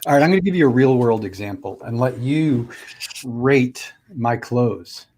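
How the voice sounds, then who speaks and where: A middle-aged man hosting an interview, explaining his software casually with many fillers and restarts. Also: mid-range voice, normal speed, slight background noise. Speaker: podcast host. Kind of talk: conversational interview.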